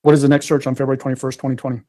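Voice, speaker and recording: A man's voice: medium pitch, little pitch movement, rapid-fire, dark tone. A man acting as prosecutor in a courtroom, asking a witness a string of formal, repetitive questions.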